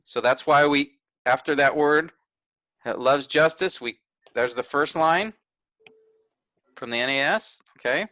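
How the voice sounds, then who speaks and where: A man's voice: fairly high pitch, measured pace, pauses often, sharp tone, no room sound. A man teaching a workshop, explaining marks on a shared screen step by step and correcting himself as he goes. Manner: pointing things out step by step, self-correcting.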